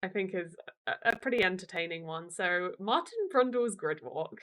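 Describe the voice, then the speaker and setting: A woman's voice: lowish voice, animated, normal speed, fairly bright tone. A woman hosting a casual chat, telling stories with frequent giggles. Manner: chatty, giggly storyteller. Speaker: host.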